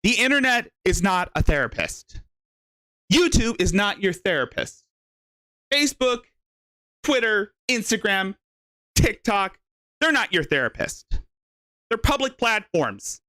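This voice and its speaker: Slow, scornful male commentator. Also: high-pitched, big pitch swings, pushed and bright, no echo. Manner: scornful, lecturing, deliberate. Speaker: host.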